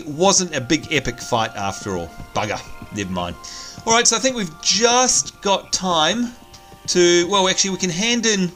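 A man hosts a let's play in a bright, lively voice that swoops up and down. He chats and jokes freely as he plays, with faint music under him. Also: high-pitched. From Australia. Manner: chatty, jokey, thinks aloud. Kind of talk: casual gameplay commentary.

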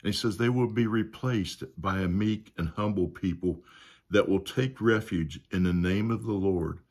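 A man leads a Sunday school Bible lesson in an easy, conversational way. His voice is low and husky. He often slips in "you know" and asks the class questions as he explains. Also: normal speed, a little mellow.

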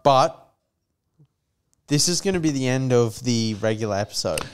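A man's voice: medium pitch, expressive, normal speed, clean tone. A young man co-hosting a podcast, telling a story in casual chat, swearing freely and acting out quotes. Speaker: podcast co-host.

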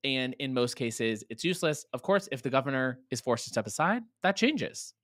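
A man co-hosting a political podcast, animated and opinionated, laughing often. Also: medium pitch, moderate pace, no room sound, studio quality. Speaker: podcast co-host. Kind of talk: casual political podcast chat.

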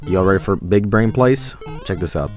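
A man streaming a game, commenting with sudden yelps, shouts and swearing. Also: low-pitched, moderate pace, soft background music. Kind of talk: live gameplay commentary.

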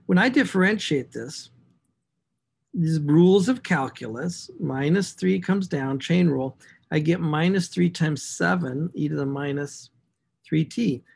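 Gravelly, husky and high-pitched, a male math teacher narrates equations aloud while writing them in a recorded class. He mutters to himself and leans hard on important words.

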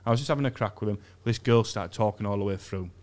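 A man's voice: fairly low pitch, fast, a little mellow. A young man, a comedian, telling a sweary story in a casual chat, with frequent restarts. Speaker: comedian guest. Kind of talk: casual anecdote.

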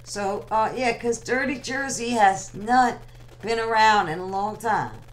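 A woman's voice: a little high, lively intonation, a little slow, rough recording. A young woman hosting an online radio show, rambling casually and teasing her listeners as she talks with them. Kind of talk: casual live chat with listeners.

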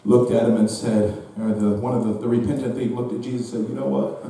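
A man preaching a sermon as pastor in a church, his fervent delivery swinging into shouted, sing-song peaks. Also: mid-range voice, level tone, fast talker, slight background noise. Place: church sanctuary. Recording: echoey hall from far off.

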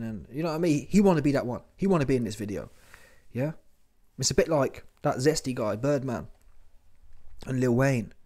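A man's voice: mid-range voice, fairly quick, a little mellow. Slangy man mocking in casual commentary. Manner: slangy, mocking, keeps tagging lines with "yeah?". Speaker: host of a commentary channel.

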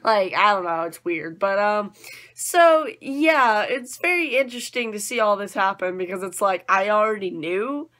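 A young woman giving a casual anime episode review, bubbly and excitable, full of "like" and "um". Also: mid-range voice, normal speed.

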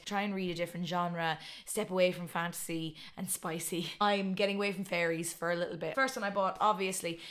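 Chatty Irish woman vlogging, lowish voice. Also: a bit bright. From Ireland. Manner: chatty, long-winded, self-mocking. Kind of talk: casual chat to camera.

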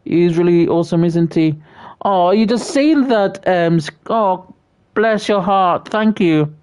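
A livestream host from Britain, chatting casually and reading out viewer messages, often stammering and repeating words while giving friendly shout-outs. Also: mid-range voice, measured pace, clean tone.

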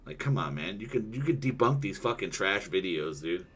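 A young man on a gaming stream, his voice sitting a little low as he rants and swears in loose, heated chat. He talks to a teammate while he plays. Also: animated, normal speed, fairly bright tone, slightly rough. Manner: profane, ranting and heated.

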